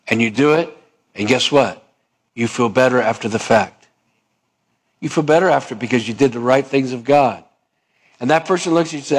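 A man's voice: mid-range voice, brisk, breathy edge. A man preaching a sermon in a conversational way, asking his listeners questions and acting out little dialogues. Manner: conversational, asks the congregation questions; acts out dialogue to illustrate points. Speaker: pastor.

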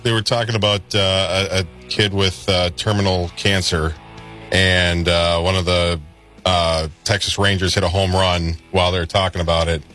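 Very deep-voiced man telling a story haltingly. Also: little pitch movement, sharp tone, soft background music. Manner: halting, recounts a story with fillers. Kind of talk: casual sports chat.

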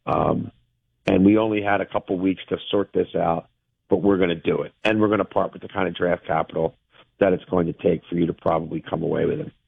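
A man calling in as a guest sports insider, giving analysis in a halting way and repeating words as he thinks. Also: sits low, fairly even intonation, creaky, husky, no echo. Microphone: telephone. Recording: phone line.

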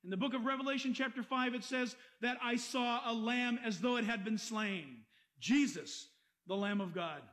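High-voiced man preaching a lively sermon. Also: moderate pace. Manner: animated preaching, acting out quoted voices. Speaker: pastor.

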